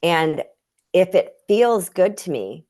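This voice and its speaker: A woman's voice: lowish voice, very animated, slow pace, a little mellow. A woman guest healer earnestly telling a personal spiritual story, with frequent restarts, in a conversation over a video call.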